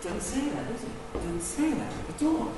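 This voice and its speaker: A high-voiced man delivers a sermon with lively, sweeping pitch. He drops to hushed asides and then rises to loud, emphatic declarations. The sound is distant, with long reverb in an echoey hall. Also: normal speed. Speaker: preacher.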